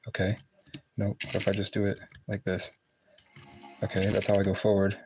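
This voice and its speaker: Gravelly low-voiced man muttering at a game. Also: monotone, brisk, pauses often, noisy background. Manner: frustrated muttering, swearing at the game. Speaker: livestreamer. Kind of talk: casual livestream commentary while gaming. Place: room in a public building.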